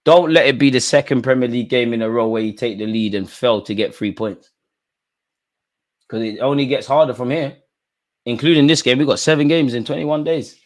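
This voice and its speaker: Man yelling at a football match. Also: mid-range voice, fairly quick. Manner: talks back at players and referee, swings from mutters to excited shouts. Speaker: football fan streamer. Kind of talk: live match watchalong reaction.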